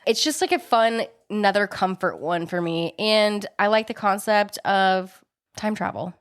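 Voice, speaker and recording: A woman's voice: mid-range voice, a little slow, clear, resonant tone. A woman co-hosting a podcast, chatting casually with a playful tone and crude jokes. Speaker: podcast co-host. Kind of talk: casual chat.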